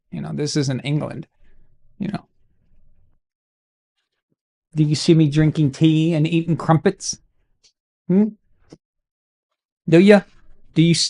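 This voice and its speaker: A man's voice: a little high, vocal fry. A man hosting a live stream, chatting casually while watching a game, with rambling, jokey banter and sudden outbursts. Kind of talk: casual watch-along chat.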